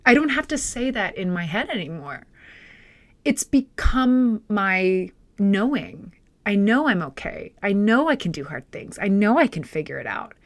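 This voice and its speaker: A woman hosting a self-help podcast, talking earnestly and coaching her listeners, sometimes dropping to a near-whisper. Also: mid-range voice. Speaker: podcast host. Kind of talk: casual self-help talk. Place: indoors, filming a podcast.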